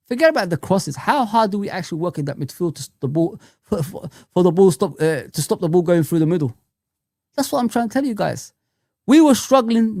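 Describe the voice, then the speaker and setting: A man's voice: high-pitched, vocal fry, a little mellow, no echo. A man hosts a fan live chat, ranting and exasperated and hammering points home by repeating them. The sound is dry and close with no room around it. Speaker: fan channel host.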